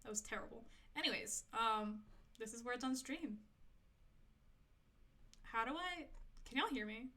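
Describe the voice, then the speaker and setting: Chatty young woman streamer, bright voice. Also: fairly high pitch, lively intonation, measured pace, pauses often. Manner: chatty, self-talking, giggly, rambling to chat. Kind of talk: casual live-stream chat while gaming.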